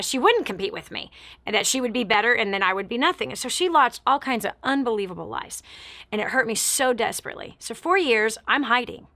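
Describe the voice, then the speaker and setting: A woman's voice: a little high, pushed and bright, no room sound. A middle-aged woman hosting a talk show, telling a personal story in an emphatic, candid way with repeated build-ups.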